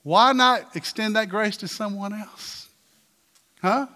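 A bright, forceful male pastor, preaching with call-out questions and sudden loud swells. His voice sits a little high for a man and rings through a large church hall with a long echo, with soft music underneath. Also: takes it slowly. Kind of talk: sermon. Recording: reverberant hall with faint music.

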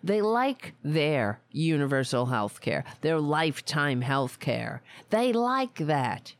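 Sarcastic, tired woman host, creaky voice. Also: sits low, sing-song, slow pace, no echo. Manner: angry, sarcastic commentary. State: tired and unwell. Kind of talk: political commentary show.

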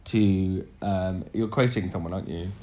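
A man's voice: deep voice, steady tone, moderate pace, dark tone. A man co-hosting a podcast in casual chat, rambling and restarting his sentences, often laughing. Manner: rambling, self-correcting, bursts of laughter. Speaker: podcast co-host.

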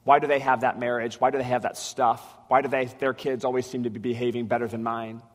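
A man's voice: mid-range voice, flat delivery, quick pace. Man preaching in a reverberant hall. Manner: conversational storytelling with many restarts and fillers. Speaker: pastor. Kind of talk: sermon. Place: church sanctuary.

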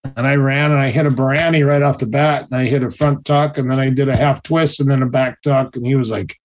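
A man telling stories in a casual interview, animated and acting out the other people's voices. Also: mid-range voice, brisk, a little hiss or hum. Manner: animated, acts out quoted voices. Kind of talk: casual storytelling.

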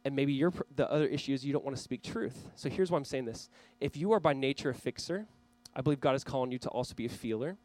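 A man's voice: mid-range voice, quick pace, hardly any pauses, darkish tone, no room sound, low-quality recording. A man preaching a sermon as pastor, earnestly urging his listeners. He speaks straight to a camera for viewers watching online.

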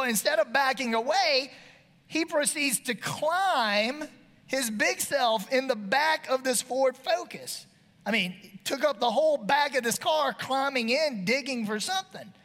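A man telling a funny personal story to an audience in a folksy, animated way, acting out his own shouts. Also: extremely high pitch. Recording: long reverb of a hall.

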